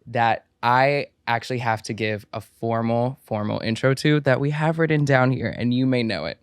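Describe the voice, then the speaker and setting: A man from the Washington, D.C. area hosts a podcast with playful, campy, profane banter. His mid-range voice is smooth and clear. It is recorded dry and close. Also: medium pitch, moderate pace, dry recording. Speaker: podcast host. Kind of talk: casual podcast chat.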